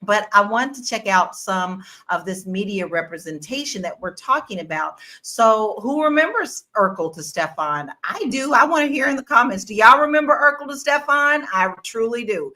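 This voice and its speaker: This is a woman hosting a talk panel, with a bright, forceful edge to her voice. She is lively and engaging and speaks straight to her guests and the viewers, steering the talk from one guest to the next. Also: mid-range voice, normal speed, hardly any pauses. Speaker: talk show host.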